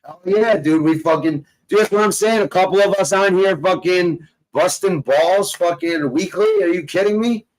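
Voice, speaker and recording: A man talking in loud, swaggering, profane casual banter, laughing often and cursing constantly. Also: sits high, normal speed, few pauses, rough recording. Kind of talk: profane casual banter on a live audio chat.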